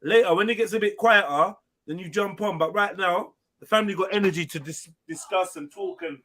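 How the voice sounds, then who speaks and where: A man hosting a live online panel discussion, firm and quick to cut people off. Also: high voice, pushed and bright. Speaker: panel host.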